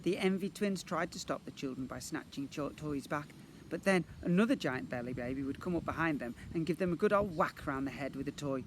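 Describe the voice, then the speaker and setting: A man, a primary school teacher, reading a children's book aloud in an expressive way. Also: a little high, brisk, noisy background. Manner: animated, expressive storyteller.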